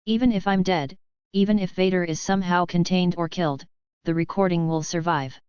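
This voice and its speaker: Woman narrator doing a composed male alien strategist, measured, low and clear, slightly muffled sound. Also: dry recording, natural voice. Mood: calm. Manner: measured, calm. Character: calm, unshakable male alien tactician.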